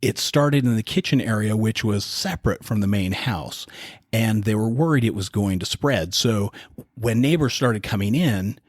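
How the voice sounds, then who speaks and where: A man co-hosting a podcast, casually retelling a dark historical story in a relaxed, conversational way. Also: fairly low pitch, normal speed, dry recording, studio quality. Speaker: podcast co-host.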